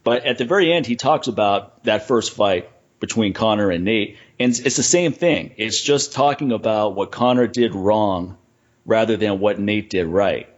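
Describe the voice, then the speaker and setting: A man's voice: on the low side, normal speed. Man chatting analytically on a podcast. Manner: analytical, animated when quoting others. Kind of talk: casual chat. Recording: dull lo-fi sound.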